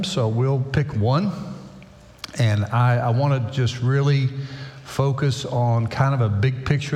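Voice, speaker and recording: An older man, a pastor, talking to his congregation in a halting, conversational sermon, full of fillers and restarts, in a large church sanctuary. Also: medium pitch, darkish tone. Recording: roomy church hall echo.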